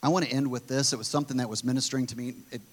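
A man's voice: mid-range voice, fairly even intonation, rapid-fire. A man preaching a conversational sermon in an earnest way, often restarting his sentences as he thinks aloud.

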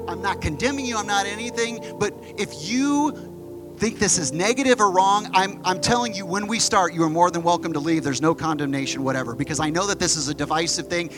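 Male pastor, high-pitched, relaxed chatty preaching style, recorded in a church with music underneath. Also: low-quality recording. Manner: casual, conversational preaching with quick asides. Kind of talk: sermon. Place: church sanctuary with stage. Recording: music behind the voice. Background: music playing.

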